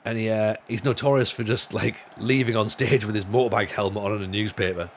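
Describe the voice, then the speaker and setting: A man's voice: lowish voice, steady tone, fast talker, slight background noise. A man chatting casually on a live stream while gaming, rambling and joking with lots of restarts. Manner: rambling, jokey, full of restarts and laughs. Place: home room.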